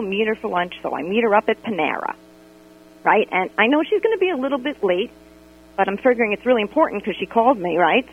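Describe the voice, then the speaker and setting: A woman calls in to a radio show by phone and tells an animated, exasperated story about a friend, quoting dialogue as she goes. Her voice is medium-pitched with a breathy edge, heard over a tinny phone line on the radio.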